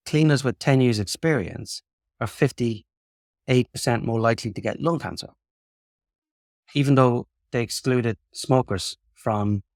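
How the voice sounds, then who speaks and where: An Irish man in his fifties talks as a guest, telling stories in a loose, chatty way full of ums and restarts. His voice sits at a middling pitch. The sound is close and dry, with no room echo. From Ireland. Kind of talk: casual interview chat.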